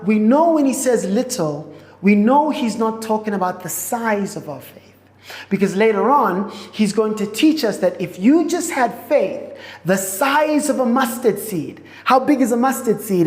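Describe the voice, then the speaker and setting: A woman pastor preaching a sermon in a church auditorium. She speaks in slow, repeated phrases and often restarts her sentences. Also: mid-range voice, darkish tone. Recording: echoey hall with long reverb.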